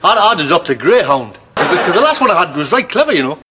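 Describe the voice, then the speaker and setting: A man with a high, lively voice tells rambling, boastful stories. A faint hiss sits under his voice. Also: fast talker. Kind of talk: comic skit call.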